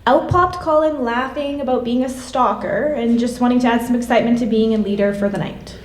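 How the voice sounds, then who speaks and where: A woman in her late thirties reads a eulogy aloud, measured and gentle, her voice sitting a little high. She is heard from some way off, with the sound ringing around a church hall. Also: fairly even intonation, slight background noise. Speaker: classmate giving a memorial tribute. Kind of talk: reading a prepared eulogy. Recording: echoey hall from a distance.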